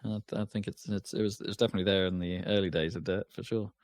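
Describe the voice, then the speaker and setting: A man's voice: deep voice, fairly even intonation, fast, no room sound. A man co-hosting a podcast in casual chat, rambling with lots of restarts and fillers. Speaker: podcast co-host.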